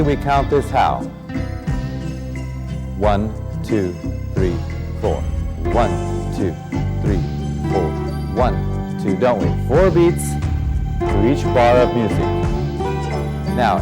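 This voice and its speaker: A man teaching dance in an instructional video, explaining technique and counting the beats aloud. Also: medium pitch. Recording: reverberant hall with music playing.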